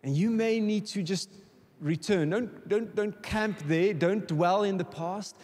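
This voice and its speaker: A South African man preaches with an impassioned drive, his voice sitting a little high for a man. He calls out to the congregation and repeats words as he gathers steam. A long reverb from the church hall trails every line. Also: unhurried, a little mellow. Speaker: guest preacher. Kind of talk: sermon.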